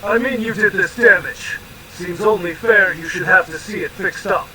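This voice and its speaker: A man's voice: sits high, moderate pace, crowd noise, natural voice, poor audio. A synthetic male voice reading a scoffing, irritable male robot fighter in a role-play chat. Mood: grudging. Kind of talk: text-to-speech role-play narration.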